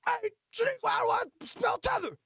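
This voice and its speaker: A man voicing a broke, hot-tempered young man who yells in shrill, indignant outbursts. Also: huge pitch swings, moderate pace, no echo, full character voice. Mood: yelling.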